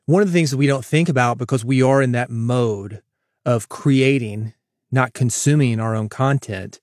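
A man's voice: medium pitch, darkish tone, no echo, studio quality. A man hosting his own podcast, talking solo to listeners in a conversational, emphatic way that leans on repetition. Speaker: podcast host.

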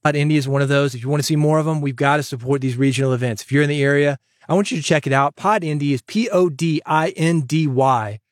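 A man hosting a podcast, giving advice in an energetic, chatty way that jokes with the listener. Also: fairly high pitch, fast, few pauses, dry recording, studio quality. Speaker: podcast host and coach.

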